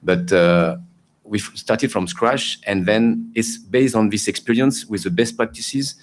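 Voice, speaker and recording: Low-voiced hesitant male panelist. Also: unhurried. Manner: hesitant, many fillers and restarts. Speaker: panelist from Cambodia. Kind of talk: conference panel remarks.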